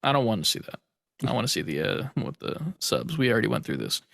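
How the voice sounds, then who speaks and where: A man's voice: lowish voice, very animated, fast talker, gravelly, a bit bright, no echo, studio quality. A man co-hosting a gaming podcast in a casual, jokey chat and swearing freely. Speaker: podcast co-host.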